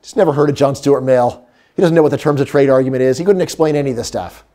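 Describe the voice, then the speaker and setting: A middle-aged man giving a lively, humorous economics lecture. He acts out quotes and sometimes drops to a hush. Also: mid-range voice, quick pace. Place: lecture hall.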